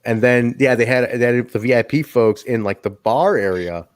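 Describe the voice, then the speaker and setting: A man's voice: mid-range voice, normal speed, dry recording. A man hosting a casual podcast, swearing freely and laughing through his anecdotes. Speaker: podcast host.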